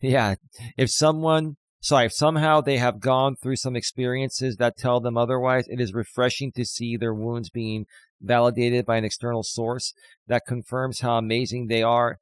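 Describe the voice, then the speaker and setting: A man's voice: mid-range voice, steady tone, normal speed, clean tone, no echo. A man co-hosts a podcast with a mid-range voice, speaking plainly and chiming in with emphatic agreement. He swears offhandedly. The sound is dry and close. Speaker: podcast co-host. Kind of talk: casual chat.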